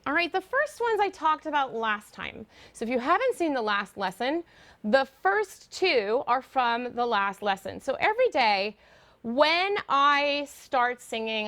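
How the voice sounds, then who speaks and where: Animated woman voice teacher. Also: a little high. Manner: animated, demonstrates sung notes. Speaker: guest voice teacher. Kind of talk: lecture to a choir.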